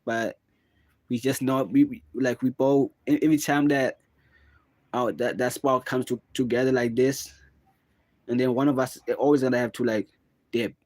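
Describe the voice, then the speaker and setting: A man's voice: medium pitch, steady tone, normal speed, pauses often, a little mellow, no echo. Rambling young man musing to camera. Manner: rambling, musing, full of "like" and "bro". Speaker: vlogger. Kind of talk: casual confessional monologue.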